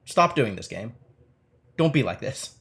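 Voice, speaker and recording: A man's voice: medium pitch, a little slow, creaky. A man streaming a game live, chatting to viewers, scolding the game and reading its story text aloud. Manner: chatty, talks back to the game and chat, animated.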